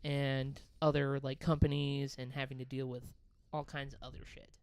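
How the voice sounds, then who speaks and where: A man's voice: medium pitch, little pitch movement, normal speed, darkish tone, clear, resonant tone, no echo. A man co-hosting a podcast, chatting loosely and swearing freely about TV shows. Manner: loose, profane, laughing. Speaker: podcast co-host. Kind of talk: casual chat.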